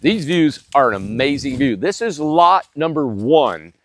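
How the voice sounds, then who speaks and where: A man's voice: very animated, measured pace, dry recording. A man with a head cold and a nasal voice, giving a casual, folksy sales tour of building lots outdoors on a windy ridge. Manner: folksy, plainspoken, pitching to viewers. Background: wind.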